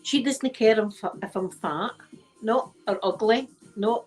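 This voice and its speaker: A woman's voice: fairly high pitch, takes it slowly, soft background music, rough recording. A Scottish woman chatting casually to her livestream viewers from home on her phone, rambling and repeating herself. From Scotland. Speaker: livestream host. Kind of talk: casual chat.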